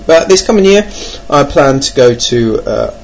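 A man's voice: medium pitch, expressive, unhurried, creaky, a little mellow. An English man giving a rambling, self-mocking monologue about his gaming plans, with lots of hesitations. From England. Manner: wry, self-mocking, hesitant with many ums. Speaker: board game vlogger. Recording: dull lo-fi recording with faint noise.

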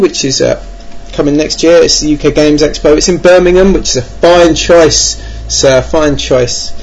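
A man's voice: on the high side, a little mellow. An English man giving a rambling, self-mocking monologue about his gaming plans, with lots of hesitations. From England. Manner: wry, self-mocking, hesitant with many ums. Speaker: board game vlogger. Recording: dull lo-fi recording with faint noise.

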